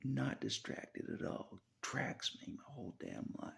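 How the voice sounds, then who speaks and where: A man's voice: medium pitch, lively intonation, unhurried, vocal fry, a bit bright. A man talking through a rambling personal monologue, chuckling often and dropping into half-whispered asides. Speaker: vlogger.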